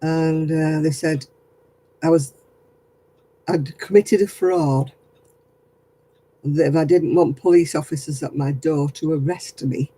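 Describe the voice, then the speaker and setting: This is a British woman chatting casually to her viewers. Her voice is husky and warm, and she talks in a wry, amused way, as if swapping stories with friends. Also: deep voice, fairly even intonation, takes it slowly, long pauses, low-quality recording. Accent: British English. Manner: wry and chuckling, storytelling about prank callers. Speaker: craft vlogger. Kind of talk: casual chat.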